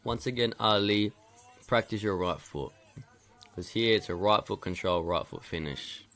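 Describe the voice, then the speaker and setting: Gravelly-voiced male youth coach, stern and lecturing, drills his points by repeating them. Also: lowish voice, normal speed, a bit bright. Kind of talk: video match feedback to players.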